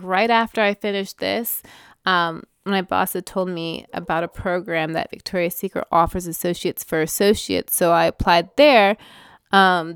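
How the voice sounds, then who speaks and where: A woman speaks in a heartfelt, wandering way, circling back on her words as she shares. Her voice is smooth and clear. The sound is dry and close, with no room echo. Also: fairly low pitch. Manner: heartfelt, rambling, with self-corrections and soft laughs. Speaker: vlogger. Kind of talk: emotional personal sharing.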